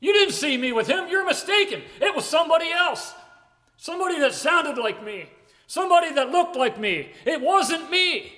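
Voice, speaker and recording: A man voicing a panicked grown man who keeps insisting he never knew his friend, his voice high and agitated. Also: lively intonation, normal speed, pushed and bright, in a large hall, heavily acted. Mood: frantic denial.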